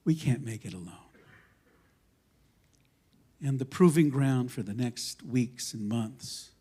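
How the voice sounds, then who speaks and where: A man, a rabbi, giving a sermon in a synagogue, emphatic and impassioned, moving between loud declarations and quiet, humorous asides. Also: mid-range voice, expressive, normal speed, breathy edge. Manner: conversational storytelling with self-deprecating humor. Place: synagogue sanctuary.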